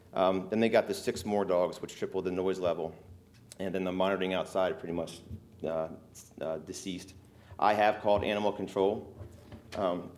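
A man, a local resident, giving earnest, emotional testimony at a public hearing, halting often with fillers. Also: sits low, darkish tone.

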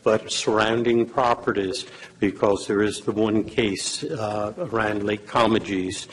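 Low-voiced man losing his voice. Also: fairly even intonation, slight background noise, poor audio. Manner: measured, halting, many fillers. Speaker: legal counsel at a public meeting. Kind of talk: advising at a council meeting.

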